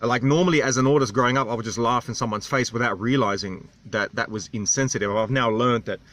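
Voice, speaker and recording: Australian vlogger in his thirties, candid and rambling, mid-pitched. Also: fast talker, fairly bright tone. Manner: rambling, candid, self-deprecating. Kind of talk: casual vlog storytelling.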